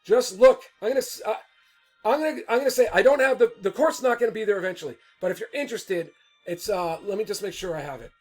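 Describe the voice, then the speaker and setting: A man talking casually and off the cuff as an attorney and broker, animated and rambling, often stopping short and restarting. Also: high voice, fast talker, soft background music. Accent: Californian English. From California. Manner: animated, rambling, self-interrupting. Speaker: attorney and real estate broker. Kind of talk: casual off-the-cuff video talk.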